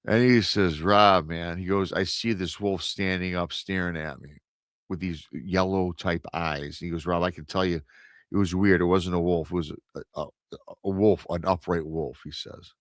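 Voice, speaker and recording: Low-voiced man telling a spooky story. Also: moderate pace, dry recording, clean studio sound. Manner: animated storyteller, acts out quoted voices, many restarts. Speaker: guest storyteller on a paranormal radio show. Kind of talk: casual retelling of an encounter story.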